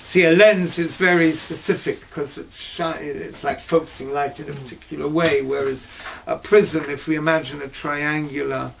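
A man teaching mystical texts in a slow lesson over a video call, hesitant and searching for words with fillers and restarts. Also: steady tone, creaky, fairly bright tone. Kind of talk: slow explanatory lesson with many pauses. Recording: dull low-fi audio with faint noise.

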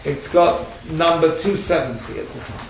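Gravelly man teaching in an echoey room. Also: on the high side, lively intonation, moderate pace, background noise. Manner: patient, explanatory, with chatty asides. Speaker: religious teacher. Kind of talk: explanatory talk to a group. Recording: echoey room, distant mic, dull sound.

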